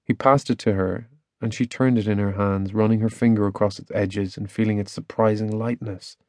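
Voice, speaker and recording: A man's voice: fairly low pitch, normal speed, no echo, studio quality. Man narrating a children's storybook. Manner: lively storytelling, many character voices. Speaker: audiobook narrator. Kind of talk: scripted narration of a children's novel.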